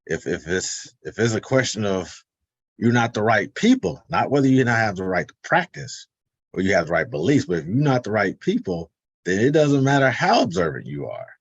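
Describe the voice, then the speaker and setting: A man speaking as a webinar panelist over a video call, explaining in a relaxed, conversational way with many fillers and telling stories with voiced-out quotes. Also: on the low side, moderate pace, gravelly, husky, no echo, dull audio. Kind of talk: informal explanatory talk.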